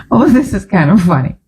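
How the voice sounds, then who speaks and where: A woman's voice: mid-range voice, darkish tone, slightly rough, poor audio. A woman hosting a casual talk show from a studio, chatty and opinionated, often drifting off on tangents. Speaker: show host.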